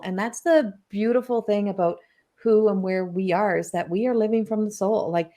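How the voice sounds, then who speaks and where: A woman's voice: medium pitch, moderate pace. Chatty woman podcast host. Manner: animated storytelling, heavy use of "like". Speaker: podcast host and spiritual coach. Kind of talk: casual podcast conversation.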